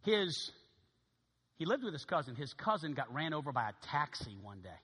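A man preaching in an animated storytelling style, acting out the voices of the people in his story. His voice is high and bright with a slightly husky edge, and it rings out with a long echo in a big hall. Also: moderate pace. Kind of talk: sermon storytelling.

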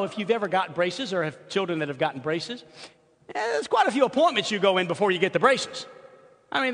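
A male pastor telling stories in a sermon, swinging from soft asides to loud, excited outbursts. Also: fairly high pitch. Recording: long hall reverb.

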